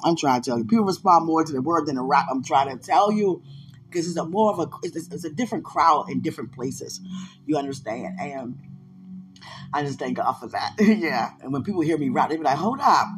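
A woman hosting a podcast, talking casually about faith and preaching in an animated way, laughing often and speaking straight to her listeners. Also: low-pitched, a little fast, over music. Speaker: podcast host, preacher and gospel rapper.

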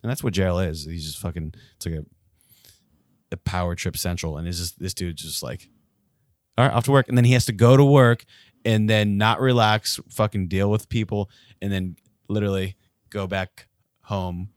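Profane, animated man telling stories. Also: low voice, normal speed, no room sound, studio quality. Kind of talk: casual chat.

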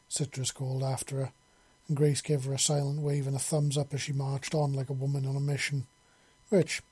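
A man narrating an audiobook story in a steady storytelling manner. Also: medium pitch, husky.

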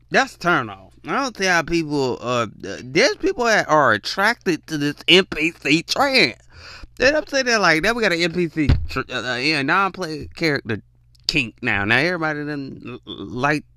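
Animated bright-voiced man reacting to clips. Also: a little high, dry recording, clean studio sound. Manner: animated, laughs often, talks straight to viewers. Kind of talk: casual reaction commentary.

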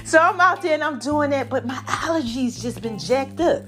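A woman hosting a casual podcast, animated and drawn out, calling listeners baby and y'all, her voice a bit hoarse from allergies. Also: high voice, moderate pace, faint music behind. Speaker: podcast host.

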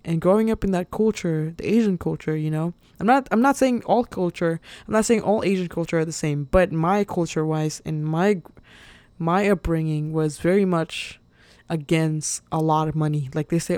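A woman's voice: on the low side, moderate pace, mellow, dry recording. A woman hosting her own podcast, talking in a casual, rambling, earnest way, with many fillers and little laughs. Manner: openly emotional and earnest. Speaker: podcast host. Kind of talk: casual solo podcast monologue.

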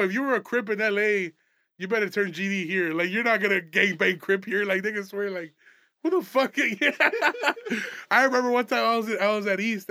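Young man, comedy podcast host, loose and profane, bright tone, dry close recording. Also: high-pitched, dry recording. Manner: loose, profane, laughing often, rambling. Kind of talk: casual comedy podcast chat.

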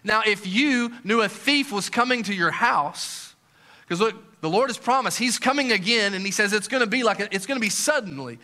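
Man, pastor, sermon, bright forceful voice, fairly high pitch, soft to loud swings. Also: lively intonation, normal speed. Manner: dynamic preaching, swings from soft to loud, joking asides.

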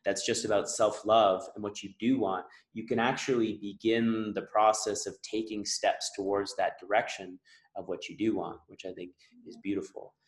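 A man's voice: fairly low pitch, steady tone, normal speed, roomy sound, rough recording. A man hosting a podcast, earnestly explaining ideas with analogies in a reflective conversation. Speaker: podcast host.

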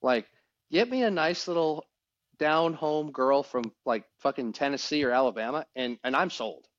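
Male co-host, raised pitch, gushing and rambling, dull dry podcast sound. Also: normal speed, no room sound. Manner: excitable, rambling, restarts words. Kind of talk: casual chat.

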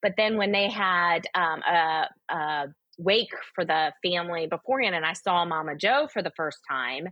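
A woman's voice: fairly low pitch, expressive, normal speed, no room sound, lo-fi sound. A woman, a guest author on a podcast, telling personal stories in an earnest, emphatic way with frequent fillers. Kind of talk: candid podcast conversation.

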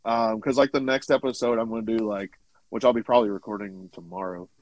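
A man's voice: fairly low pitch, fairly even intonation, quick pace, rough recording. A man chatting casually on a podcast, rambling with many fillers. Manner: rambling, many likes and ums. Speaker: podcast host. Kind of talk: casual chat.

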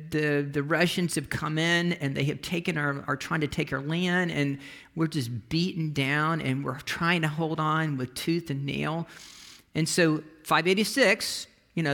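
A man's voice: fairly high pitch, fairly bright tone. A man preaching a sermon as pastor, telling stories in a conversational way with frequent restarts.

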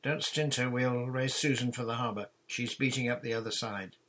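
A man reading a storybook aloud and voicing a boy ship captain who earnestly gives orders, with a husky voice. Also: mid-range voice, fairly even intonation, moderate pace, fairly bright tone, voice pushed up, natural voice. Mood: commanding.

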